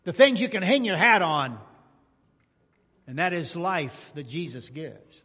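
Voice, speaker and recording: A pastor preaching a sermon to his congregation, telling folksy stories and rising to loud exclamations. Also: fairly high pitch, sing-song, unhurried, slightly rough. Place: church sanctuary. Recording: long hall reverb in church.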